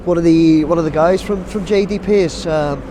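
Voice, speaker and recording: Man with a stuffy cold, rambling outdoor vlog, fairly high voice, faint site noise behind. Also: moderate pace. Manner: rambling, many ums and restarts. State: blocked nose from a cold. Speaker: drone vlogger. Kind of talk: casual outdoor vlog chat. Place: outdoors by a busy building site. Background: faint site and traffic noise, wind.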